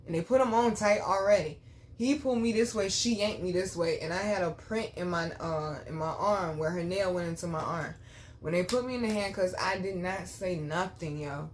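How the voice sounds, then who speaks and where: A woman's voice: on the low side, moderate pace, a little hiss or hum. A young woman hosting her own channel, telling a personal story to camera in a blunt, profane way and speaking straight to her viewers. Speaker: channel host.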